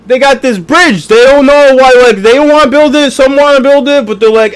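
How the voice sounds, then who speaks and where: A man's voice: very high voice, fairly quick, hardly any pauses. A man co-hosting a comedy podcast, chatting casually in a rambling, irreverent way and laughing often. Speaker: podcast co-host.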